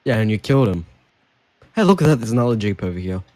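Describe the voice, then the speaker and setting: A man's voice: lowish voice, lively intonation, quick pace, dark tone. A man chatting as a teammate during a game, sarcastic and profane. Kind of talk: casual gameplay chat.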